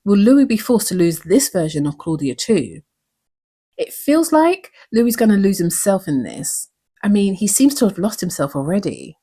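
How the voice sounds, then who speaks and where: A woman's voice: mid-range voice, very animated, normal speed, warm tone, slightly rough. A woman hosting a recap show, talking in an earnest, reflective way and asking many questions. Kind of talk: recap commentary.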